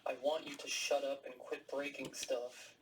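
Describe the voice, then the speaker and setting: A narrator voicing a shabby, haggard older man with a French accent who speaks curtly and ominously in a low, secretive tone. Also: unhurried, close to an everyday voice. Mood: snappish. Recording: distant mic with steady background noise.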